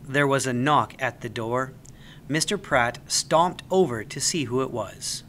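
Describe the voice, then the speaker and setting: Man, storybook narrator, bright voice, animated reading, faint hiss behind. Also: mid-range voice, unhurried. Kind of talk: children's story read aloud.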